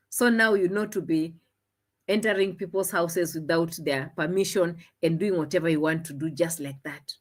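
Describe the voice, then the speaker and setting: A woman's voice: medium pitch, fairly bright tone. A woman giving opinionated commentary, scolding with rhetorical questions and dramatic repeats. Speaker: commentary vlogger.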